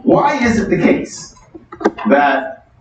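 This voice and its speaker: A middle-aged man giving a university economics lecture, conversational and animated, asking the class questions, recorded from far off in a large lecture hall. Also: sits high, takes it slowly, background noise. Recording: distant echoey hall, dull sound.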